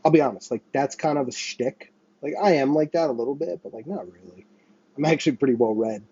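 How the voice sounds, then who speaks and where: A man's voice: medium pitch, fairly quick, mellow, husky, no room sound, lo-fi sound. A man from the United States venting in a rambling, profane monologue, often restarting and apologizing mid-sentence. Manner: profane, rambling, self-interrupting. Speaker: vlogger. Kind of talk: ranting monologue to camera. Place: small apartment with a running window air conditioner.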